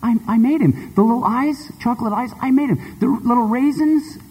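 A man's voice: extremely high pitch, a little fast, darkish tone, breathy edge, pitched above the performer's own voice. A man playing a pleading little girl. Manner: pleading, insistent. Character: little girl, loving and heartbroken. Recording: long hall reverb.

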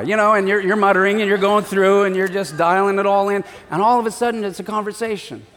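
A man delivers an animated sermon, slipping into small acted voices as he tells stories. His voice sits high for a man. Long reverb from a church hall trails every line. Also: quick pace, hardly any pauses. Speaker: pastor.

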